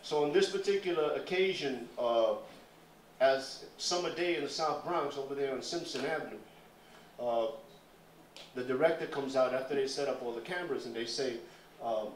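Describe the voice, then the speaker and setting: A man's voice: medium pitch, normal speed, slight background noise. Older Nuyorican man telling a story live. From Puerto Rican New York. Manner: animated, profane, conversational. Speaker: spoken word performer. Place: stage at a small performance café. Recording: roomy live stage from far off.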